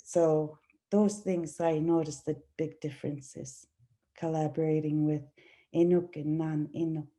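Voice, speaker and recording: A woman from Igloolik, whose first language is Inuktitut, answers on a discussion panel. She speaks slowly and with a very dark, low timbre, pausing and restarting as she looks for words. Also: little pitch movement. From Igloolik, Nunavut. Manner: slow, searching, many fillers and restarts. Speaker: actress.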